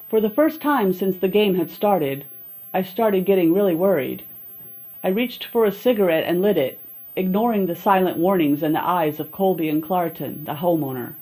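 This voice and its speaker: Mellow-voiced woman narrating an audiobook. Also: lowish voice, moderate pace, poor audio. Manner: steady storytelling, first-person narrator. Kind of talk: scripted narration.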